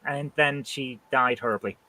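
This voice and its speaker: A man with a bright, forceful voice takes part in a casual quiz. He answers questions and cracks dry, deadpan jokes in loose banter with the others. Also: mid-range voice, moderate pace. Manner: jokey, deadpan quips. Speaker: quiz contestant.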